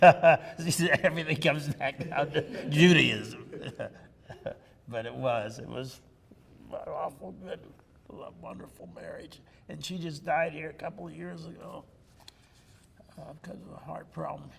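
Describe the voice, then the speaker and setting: Older man, gravelly voice, joking storyteller in an interview; reverberant room, faint ambience. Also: medium pitch, normal speed, slight background noise. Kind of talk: oral history interview. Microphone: lapel mic.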